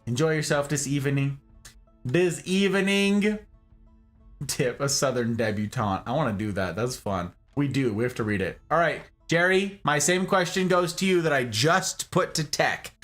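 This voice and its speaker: A man streaming a game and chatting with his viewers in a playful, animated way. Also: mid-range voice, normal speed, hardly any pauses, soft background music. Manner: playful, animated, given to jokes. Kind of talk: casual live-stream chat.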